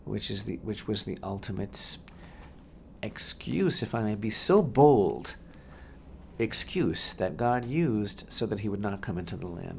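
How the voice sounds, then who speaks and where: A man's voice: on the low side, vocal fry, a little hiss or hum. A man co-hosting a Torah discussion on talk radio, speaking expansively and emphatically and often repeating his phrases. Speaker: rabbi co-host.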